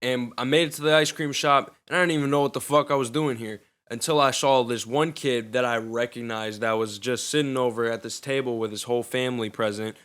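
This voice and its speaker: A man's voice: mid-range voice, fairly even intonation, fairly quick, few pauses, fairly bright tone, smooth. A young man casually telling a personal story in loose, profane, slangy talk.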